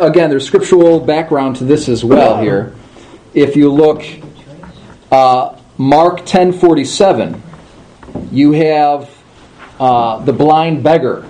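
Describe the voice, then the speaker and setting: A man explaining liturgy to a group in a conversational, teaching way, checking in with his listeners and slowly sounding out chanted words. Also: on the high side, dark tone, low-quality recording. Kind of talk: informal class talk.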